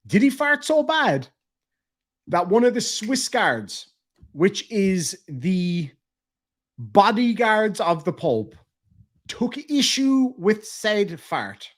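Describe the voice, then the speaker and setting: Irish man, young adult, comic storyteller, lively swoops, fairly high voice. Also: takes it slowly. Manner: animated, laughing, swearing. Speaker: vlogger.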